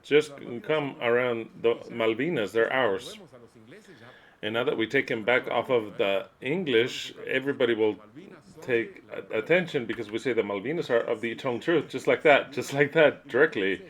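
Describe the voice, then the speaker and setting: A man voices a sermon as its interpreter, at an ordinary middle pitch. He is emphatic and uneven, muttering low at one moment and bursting out loudly the next. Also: a little fast. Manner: emphatic, swings from low muttering to loud outbursts. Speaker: interpreter voicing a preacher.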